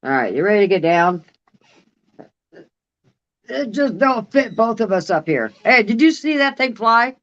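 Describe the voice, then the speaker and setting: A woman's voice: medium pitch, very animated, a little slow, pauses often, dull audio. A woman paranormal investigator chatting casually while filming, cooing at her dog now and then. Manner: coos and baby-talks to her dog.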